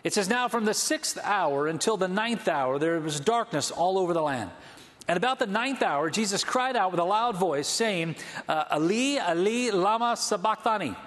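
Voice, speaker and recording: A man's voice: sits high, animated, moderate pace, a bit bright, in a large hall. A man preaching a sermon as pastor, impassioned, often restarting his phrases.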